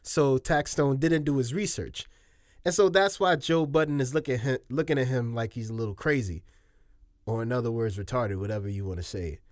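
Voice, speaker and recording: A man's voice: mid-range voice, a little fast, no room sound, studio quality. A man giving casual video commentary, chatty, laughing often, with slangy asides.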